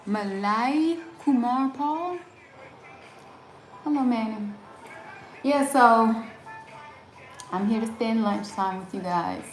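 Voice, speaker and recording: A woman's voice: a little high, slow, long pauses, roomy sound, faint music behind. Chatty Southern woman on a live stream. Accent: Southern American. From Southern United States. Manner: chatty, greets viewers by name, laughs often. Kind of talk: casual live chat with viewers.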